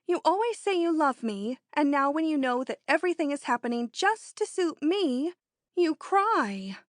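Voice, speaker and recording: A woman voicing a bold, eager young heroine in an audiobook, brisk and quietly triumphant. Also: high voice, big pitch swings, dry recording, clean studio sound, voice pushed up. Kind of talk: audiobook character reading.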